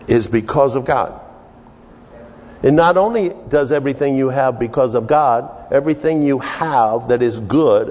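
A man preaching a conversational sermon, telling the story with emphatic, jumpy delivery. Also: a little mellow. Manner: storytelling, emphatic, with sudden pitch jumps. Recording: long reverb of a large hall.

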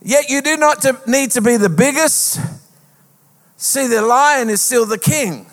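High voiced guy preaching, sing-songy, church hall with long reverb. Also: measured pace. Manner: lively, rhetorical preaching with sing-song emphasis. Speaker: pastor. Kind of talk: sermon. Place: church auditorium.

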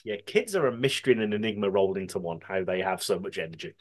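A man's voice: sits low, expressive, fast. A man co-hosting a podcast in casual comedic chat, laughing often and swearing freely. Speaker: podcast co-host.

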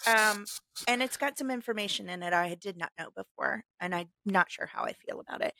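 A woman's voice: mid-range voice, a little fast, vocal fry, bright, forceful tone, dry recording, clean studio sound. A woman co-hosting a podcast in casual chat, giggling often and playful as she reads things aloud. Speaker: podcast co-host.

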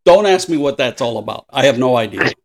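Lively older man laughing through a podcast. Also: medium pitch, brisk. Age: 60s. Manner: laughs often, acts out voices in anecdotes. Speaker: podcast co-host. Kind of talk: casual podcast chat.

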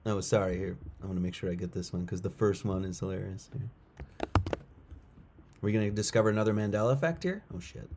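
A middle-aged man talks fast in a lowish, slightly mellow voice while hosting a casual livestream, emphatically addressing chat and repeating points. There's a little hiss or hum in the recording.

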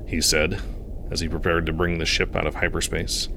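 Male storyteller, very low voice, earnest read-aloud narration, faint background hiss. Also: flat delivery, normal speed, vocal fry, sharp tone.

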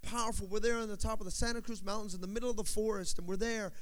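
A man preaching a sermon, telling a story with animated delivery and repeating phrases for emphasis. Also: high voice, very fast.

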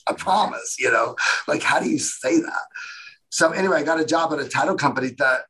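A man, a guest in a casual interview, telling his story in a rambling, animated way and acting out what other people said. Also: on the high side, fairly quick, breathy edge, poor audio. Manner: rambling, animated retelling with quoted voices.

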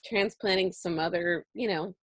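A woman co-hosting a podcast, telling a story in a casual chat with lots of laughter and lively voice-acted quotes. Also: on the low side, moderate pace, dry recording, studio quality. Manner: animated storytelling with frequent laughter. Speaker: podcast co-host.

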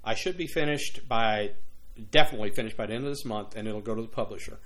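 A man's voice: lowish voice, fast, fairly bright tone. An older man from Louisiana with a Cajun accent, talking through an interview as a guest author, rambling with many restarts. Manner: rambling, many restarts, playful put-on voices. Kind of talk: casual interview chat.

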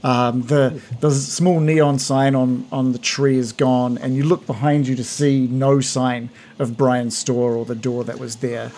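Slow, halting man running a tabletop game. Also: medium pitch, little pitch movement, dark tone. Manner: halting, many ums, unhurried description. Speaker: game master.

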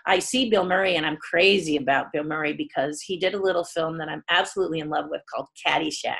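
A husky, fairly low-voiced middle-aged woman tells stories in an interview. She is animated and expressive, jumping high in pitch whenever she acts out what someone said. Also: fast. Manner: lively storyteller who jumps high to act out quoted people. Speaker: guest, puppeteer.

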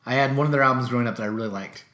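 A man's voice: mid-range voice, very fast, a bit bright, roomy sound. A man co-hosting a casual music podcast, rambling and joking. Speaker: podcast co-host.

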